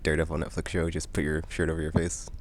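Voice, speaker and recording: A man's voice: a bass voice, monotone, quick pace. A man chatting casually on a podcast, teasing his co-host. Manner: teasing, laughs a lot, swoopy delivery. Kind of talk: casual chat.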